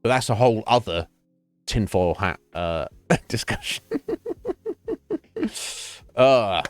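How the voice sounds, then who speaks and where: Brief: middle-aged British streamer, low-pitched, blunt and profane, dry close mic with faint music behind. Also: male voice, slow pace, smooth, dry recording. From Britain. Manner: sweary, blunt, rambling with repeated restarts. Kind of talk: casual chat to stream chat.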